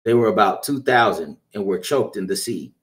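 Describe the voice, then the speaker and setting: A man reading scripture aloud in a steady, measured way. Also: fairly low pitch. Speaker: scripture reader.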